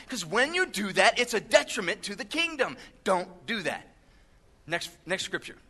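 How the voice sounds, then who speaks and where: A man's voice: high voice, animated, brisk, pushed and bright. A man preaching a sermon to his church in a conversational way, full of asides and rhetorical questions. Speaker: pastor.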